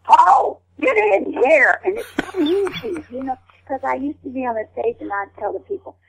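An older woman being interviewed, telling lively stories and slipping into rough character voices. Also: high voice, a little fast, a little hiss or hum, rough recording. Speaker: guest. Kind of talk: storytelling interview chat.

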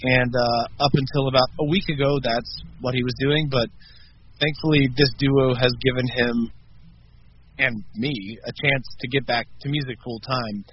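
Soft-spoken man, musician guest. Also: medium pitch, fairly even intonation, moderate pace. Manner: reflective, soft-spoken with hesitations. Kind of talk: casual interview. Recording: dull lo-fi with faint noise.

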